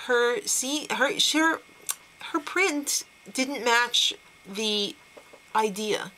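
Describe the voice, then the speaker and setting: Casual female recap host, bright and forceful tone, opinionated chatter with frequent laughs. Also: medium pitch, rough recording.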